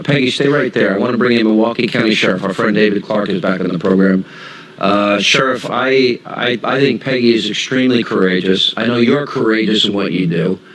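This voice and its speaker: A man hosting a broadcast interview, brisk and affirming as he brings in guests. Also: mid-range voice, a bit bright, poor audio. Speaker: TV news host.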